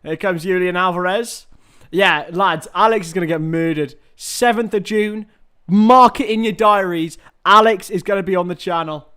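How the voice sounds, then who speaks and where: A young man hosting a live football watchalong, chatting with viewers, swearing freely and shouting at big chances. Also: high-pitched, normal speed, clear, resonant tone. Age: young adult. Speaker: watchalong host.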